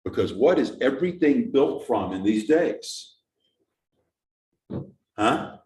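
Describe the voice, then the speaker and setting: A man speaks to a church audience in a relaxed, explanatory way, stopping to put questions to his listeners. His voice reaches the recording from some distance across a large sanctuary, with a roomy echo around it. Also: mid-range voice, takes it slowly, a little hiss or hum. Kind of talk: informal slideshow talk. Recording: echoey hall from a distance.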